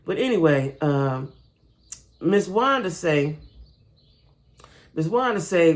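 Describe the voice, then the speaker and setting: A woman's voice: sits low, expressive, takes it slowly, long pauses. A woman giving a casual, chatty recap of a reality TV show, talking straight to her viewers and often checking in with a "right?". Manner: chatty, addresses viewers as "y'all", frequent "right?".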